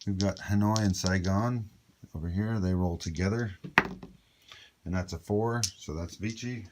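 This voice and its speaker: Low-voiced man talking through a board game. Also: background noise. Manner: thinking aloud, chatty asides to himself. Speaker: board game player explaining a solo playthrough. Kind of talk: casual tabletop game walkthrough.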